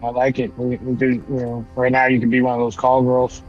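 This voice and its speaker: A man's voice: mid-range voice, completely flat delivery, a little fast, darkish tone, soft background music. A man co-hosting a podcast, chatting in a laid-back way with dry teasing. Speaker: podcast co-host. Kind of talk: casual chat. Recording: dull lo-fi sound.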